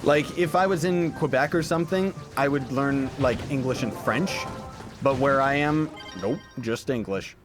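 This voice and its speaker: In this casual stream chat, a young man speaks at normal speed with a medium-pitched voice. He answers viewers' questions with jokes and playful remarks as the game's background music plays.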